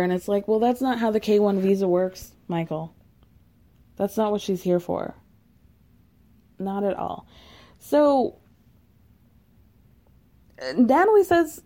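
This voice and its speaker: A woman chatting through a reality show recap with a mellow, warm tone. Her delivery is gossipy and sarcastic, and she slips in giggly asides. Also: mid-range voice, animated, unhurried, pauses often.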